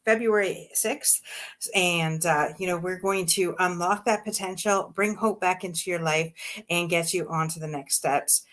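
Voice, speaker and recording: A woman's voice: lowish voice, measured pace, fairly bright tone. A woman hosting an interview show, greeting and questioning her guest in an enthusiastic, effusive way. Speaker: host.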